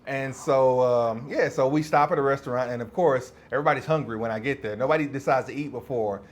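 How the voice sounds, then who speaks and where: A man's voice: medium pitch, quick pace. A young adult man, a podcast co-host, telling a story in casual chat, laughing often and acting out the quotes.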